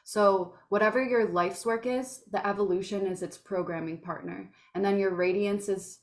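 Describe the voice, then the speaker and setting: A woman in casual group chat, explaining ideas calmly. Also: medium pitch, moderate pace. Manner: calm, explanatory. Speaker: group discussion member.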